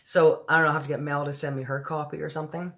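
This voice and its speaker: A woman hosts a late-night livestream where she reads a book aloud. She chats loosely between passages, swearing casually and slipping in giggly asides. The mood is relaxed and unscripted. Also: deep voice, very fast. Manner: chatty, profane, giggly asides. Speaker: storybook reader and livestream host.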